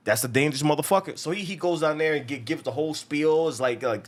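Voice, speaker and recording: Here a movie review podcast host talks fast in a fairly high-pitched voice. He rambles through a casual film recap with plenty of restarts and cursing, performing the quotes as he goes.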